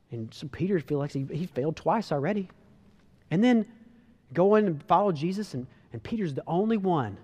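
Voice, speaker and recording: A man preaching a casual, animated sermon, telling a story and acting out the voices. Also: fairly high pitch, normal speed, long reverb tail. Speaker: pastor.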